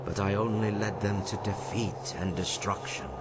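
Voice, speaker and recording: An actor playing the ghost of a solemn old male monk leader, telling his story gravely. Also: fairly low pitch, fairly even intonation, moderate pace, very noisy, natural voice. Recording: game audio over loud score. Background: loud music.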